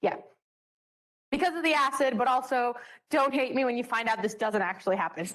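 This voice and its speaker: A woman's voice: fairly high pitch, a little fast, fairly bright tone. Bubbly young woman teaching chemistry. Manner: bubbly, joking, self-mocking. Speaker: chemistry study session leader. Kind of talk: classroom teaching.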